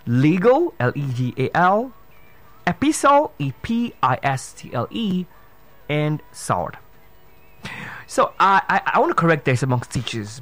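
Man giving a lively radio pronunciation lesson. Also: mid-range voice. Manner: spells words letter by letter, corrects mispronunciations. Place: radio studio.

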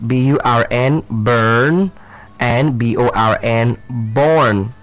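A man's voice: mid-range voice, no echo. A man leading a live pronunciation drill for teachers, spelling words out letter by letter and talking to the audience with lots of fillers and repeats. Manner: drawn-out, instructive, many fillers and repeats; addresses audience directly, rhetorical questions.

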